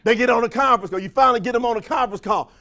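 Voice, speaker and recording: Rallying a crowd at rapid-fire speed, a high-voiced man gives a motivational speech as a trainer for a sales company. He's full of energy, fires call-and-response questions at the audience, talks in folksy slang, and laughs often.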